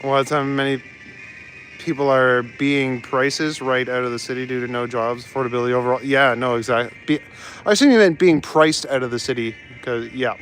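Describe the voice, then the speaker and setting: Young guy, laid-back, chuckling, walking outside, phone mic, faint music behind, medium pitch. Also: steady tone, brisk, a bit bright. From Canada. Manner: laid-back, chuckles often, reads out chat. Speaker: live streamer. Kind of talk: casual chat. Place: city streets outdoors.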